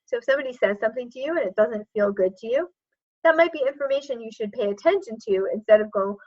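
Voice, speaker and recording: A woman's voice: a little high, a little mellow, dull audio. A woman coach as a podcast guest, reflective and chatty, with many fillers. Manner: reflective, speaks in quick bursts with many fillers like "like". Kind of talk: conversational interview.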